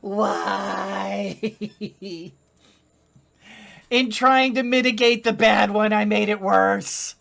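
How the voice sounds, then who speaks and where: A woman's voice: mid-range voice, fairly even intonation, unhurried, creaky, hardly any pauses, fairly bright tone. A woman hosting a let's play, commenting on her game with dramatic groans, cries of dismay and frequent laughter. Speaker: gaming channel host.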